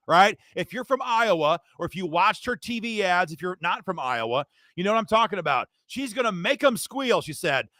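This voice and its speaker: An impassioned man hosts a live advocacy stream, railing indignantly and calling his viewers "guys." His voice sits fairly high for a man, and the sound is dry and close with no room around it. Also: fairly bright tone, no room sound. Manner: fired-up, indignant, speaks straight to viewers as "guys". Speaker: advocacy livestream host. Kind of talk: impassioned political livestream rant.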